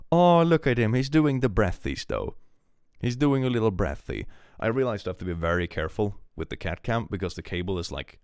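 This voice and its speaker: Deep gravelly man chatting on stream. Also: very animated, fairly quick, a little mellow, dry recording, studio quality. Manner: playful, chatty, reacting to chat messages. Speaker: livestreamer. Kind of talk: casual livestream chat.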